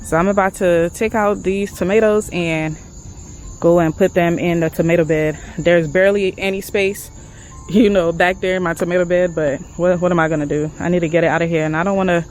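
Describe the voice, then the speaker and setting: A woman chatting excitedly to her viewers as she walks through her backyard garden. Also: lowish voice, brisk, low-quality recording. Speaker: garden vlogger. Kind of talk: casual garden vlog.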